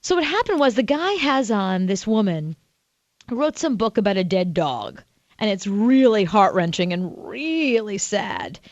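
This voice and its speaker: A woman co-hosting a radio talk show, telling stories in a chatty, animated way. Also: medium pitch, measured pace, dry recording, highs cut off. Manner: chatty storyteller, animated, laughs often. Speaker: radio show co-host and author. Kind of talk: casual radio banter.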